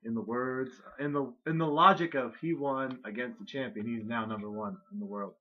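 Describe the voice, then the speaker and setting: A young man co-hosting a wrestling review show, chiming in casually with quick jokes and asides. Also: mid-range voice. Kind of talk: casual chat. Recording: dull lo-fi home recording.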